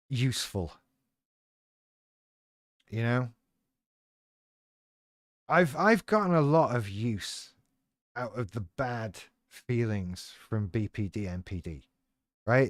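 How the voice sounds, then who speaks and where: Recorded dry with clean studio sound, a medium-pitched man rambles through a personal story about his life with BPD. As the channel's host, he keeps it casual, pokes fun at himself, and curses plenty.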